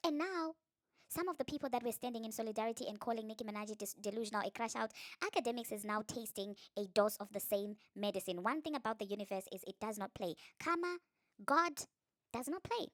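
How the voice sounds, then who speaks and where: A woman rants through celebrity gossip with biting sarcasm in a reaction vlog. Her voice sits a little high, and the recording is close and dry with no room sound. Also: fast talker, fairly bright tone, no room sound. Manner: sarcastic, ranting, mimics others in high mocking voices.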